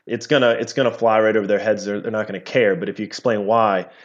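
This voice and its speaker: A man's voice: on the low side, steady tone, quick pace. A middle-aged man, a professor talking as an interview guest, explaining at length and often repeating words as he goes. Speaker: physical therapy professor, guest. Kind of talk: casual interview talk. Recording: slightly dull lo-fi audio.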